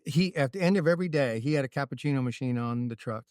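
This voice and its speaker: A racing crew chief, guesting in a casual interview, tells stories fast in a clean, mid-range male voice, animated and often restarting while checking in with "right?". The studio recording is clean, with no room sound.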